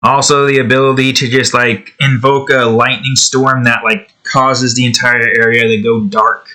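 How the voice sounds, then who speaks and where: A young man talks his way through a drawing session at home in a loose, rambling way, drifting off into asides. His voice is bright and forceful, and the talk is full of fillers and little tangents. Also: medium pitch, flat delivery, moderate pace. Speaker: digital artist and channel host. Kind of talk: casual rambling commentary while drawing. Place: at home indoors, with his cat nearby.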